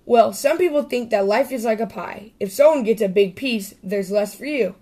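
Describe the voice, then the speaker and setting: A woman voicing a warm, patient mother squirrel in a storybook, speaking gently and reassuringly. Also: on the high side, moderate pace, natural voice. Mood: gentle.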